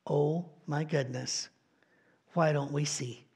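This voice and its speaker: A man with a noticeably high voice delivers a relaxed, conversational sermon from the pulpit. He speaks as a pastor, weaving homespun stories with offhand asides and gentle self-mocking humor. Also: takes it slowly, gravelly, slightly rough. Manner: folksy storytelling with asides and light humor. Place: church.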